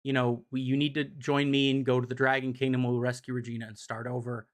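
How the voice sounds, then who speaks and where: A man voicing a pleading, power-hungry male schemer in a quick, casual paraphrase of comic dialogue. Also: medium pitch, level tone, close to an everyday voice.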